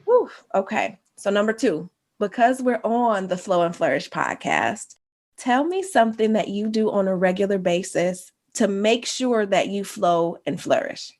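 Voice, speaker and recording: A woman's voice: mid-range voice, lively intonation, measured pace, darkish tone. A woman hosting a podcast, affirming her guest with playful slang in a casual interview chat. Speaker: podcast host.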